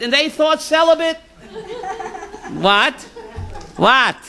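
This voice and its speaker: High, bright-voiced rabbi teaching with jokes. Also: male voice, animated, slow, long pauses, some chatter behind. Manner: keeps asking "right?", jokes and tells stories to the audience; breaks into shouted punchlines. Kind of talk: informal Torah class with jokes.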